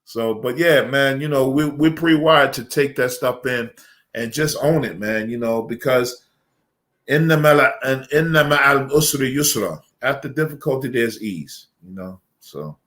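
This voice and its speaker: Middle-aged imam guy, laid back and jokey, lots of "you know", medium pitch. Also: measured pace, fairly bright tone. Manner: joking, folksy, many fillers. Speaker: imam on a panel. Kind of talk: casual advice talk.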